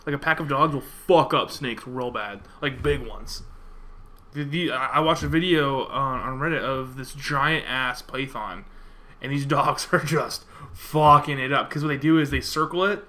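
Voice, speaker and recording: A young man rambling excitedly through an anecdote on a podcast, swearing freely. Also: medium pitch, normal speed. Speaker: podcast co-host. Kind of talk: casual chat over beers.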